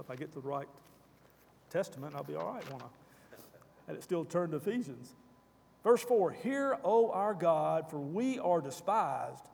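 A man's voice: fairly high pitch, creaky, a little mellow, big-room sound. A man leading a Bible study class, asking the group questions and reading scripture aloud.

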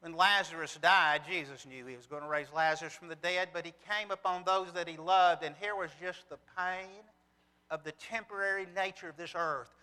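A man's voice: high voice, fairly even intonation, moderate pace, sharp tone, smooth. A man preaching a sermon. He talks earnestly, asks rhetorical questions, and reads passages of scripture aloud. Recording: long reverb from a large hall.

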